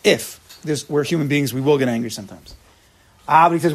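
A man with a gravelly, husky voice pitched a touch above the usual, leading an informal religious lesson. He talks straight to his class and jumps into lively acted-out quotes as he teaches. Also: brisk.

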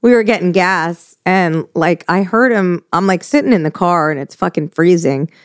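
A woman's voice: fairly low pitch, moderate pace, no room sound, clean studio sound. A young woman co-hosting a podcast, telling stories in a chatty, swearing, filler-heavy way. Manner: chatty storyteller, swears freely, lots of "like". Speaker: podcast co-host. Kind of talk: casual chat.

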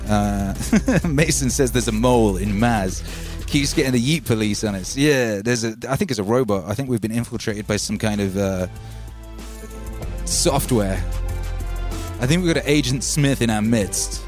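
A man hosting a relaxed livestream, rambling and reading out chat names. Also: lowish voice, moderate pace. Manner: laid-back, rambling, calls listeners baby. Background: faint music.

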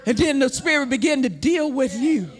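Man, preacher, very high voice, drawn-out shouted emphasis. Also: expressive. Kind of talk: sermon.

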